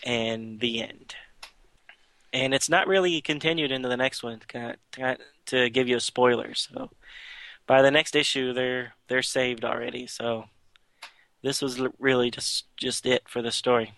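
A man talks casually on a podcast and retells a comic story in a rambling way, full of fillers and restarts. His voice is bright and forward, and it sounds dry and close. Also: mid-range voice, fairly even intonation, measured pace, no room sound. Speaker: podcast co-host. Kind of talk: casual chat recapping a comic.

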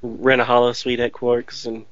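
Bright-voiced hesitant man chatting. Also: mid-range voice, dry recording, dull audio. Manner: hesitant, rambling, self-deprecating. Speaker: podcast co-host. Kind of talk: casual chat.

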